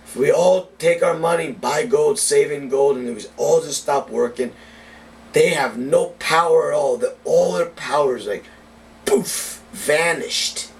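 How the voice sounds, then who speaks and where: A man's voice: fairly high pitch, measured pace. Profane, ranting man on a distant mic. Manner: profane, heated political rant. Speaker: cigar reviewer. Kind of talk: casual ranting vlog monologue. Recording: distant mic with faint background noise.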